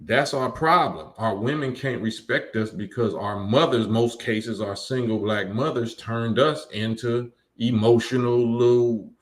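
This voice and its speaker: A man hosting a live stream, reading chat comments and lecturing emphatically, often repeating his points. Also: medium pitch. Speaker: livestream host.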